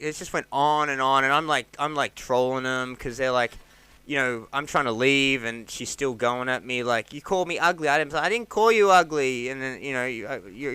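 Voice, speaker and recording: Animated Australian man telling stories. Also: clean tone, dry recording. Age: 30s. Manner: rambling, animated, acts out quotes with jumps in pitch. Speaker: stand-up comedian, podcast guest. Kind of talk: casual storytelling chat.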